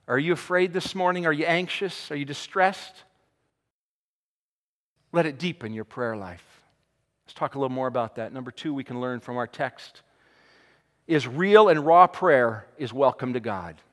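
A male pastor preaching a sermon with passion, swinging between loud cries and hushed, quiet passages. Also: fairly high pitch, moderate pace. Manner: impassioned, swings from shouting to hushed. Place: church sanctuary. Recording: long hall reverb.

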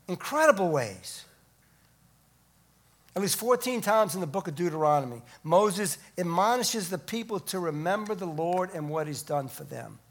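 A middle-aged man preaching a sermon as pastor, swelling to emphatic peaks and then dropping low and quiet.

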